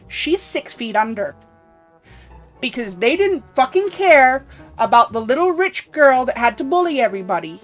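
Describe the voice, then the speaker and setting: A woman voicing a bitter, resentful former school outcast who speaks in a loud, accusing way. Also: high-pitched. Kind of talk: voicing game dialogue.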